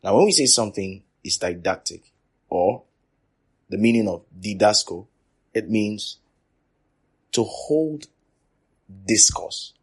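Male preacher, low husky voice, emphatic and repetitive sermon delivery. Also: a little slow, pauses often. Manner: repetitive, emphatic, swings from loud to quiet. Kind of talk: sermon teaching.

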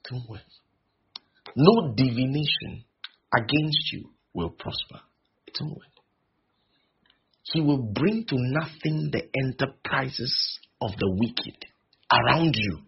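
Gravelly husky-voiced preacher man. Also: mid-range voice. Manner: repeats lines for emphasis, slows on key phrases. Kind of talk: sermon. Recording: dull lo-fi recording.

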